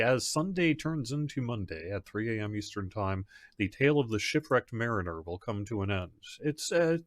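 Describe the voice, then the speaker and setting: A man's voice: lowish voice, a bit bright, no room sound, studio quality. A man, the community manager of a game, hosting a casual live stream from home; he rambles conversationally, with fillers and restarts. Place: home setup.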